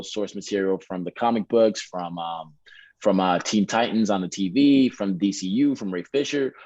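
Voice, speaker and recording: An English actor speaking in a put-on American accent, answering interview questions in a relaxed, rambling way with lots of fillers. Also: male voice, fairly low pitch, no echo, highs cut off. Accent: American (put on, Detroit-leaning). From England.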